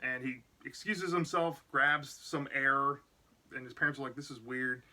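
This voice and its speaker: A man's voice: mid-range voice, steady tone, moderate pace, sharp tone. A man casually retelling a book's plot as a reviewer, rambling with lots of "like" and "you know". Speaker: book reviewer.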